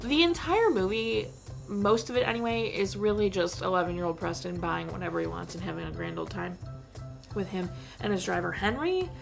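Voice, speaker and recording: Woman, creaky vlogger voice, rambling exasperated film rant, faint music behind. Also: mid-range voice, lively intonation, brisk. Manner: rambling, heavy use of "like", exasperated. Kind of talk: casual movie review rant.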